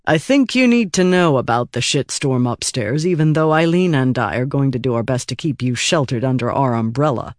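A man's voice: medium pitch, lively intonation, moderate pace, hardly any pauses, dry recording, clean studio sound, lightly acted. A man reading an audiobook, voicing a weary, cynical middle-aged intelligence boss who is sardonic and swears freely. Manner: sardonic and exasperated, with crude language.

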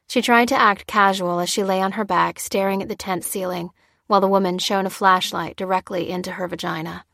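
A woman's voice: medium pitch, fairly even intonation, a little fast, gravelly, a bit bright, dry recording. Woman narrating a storybook, dry close sound. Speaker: audiobook narrator. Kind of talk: scripted narration.

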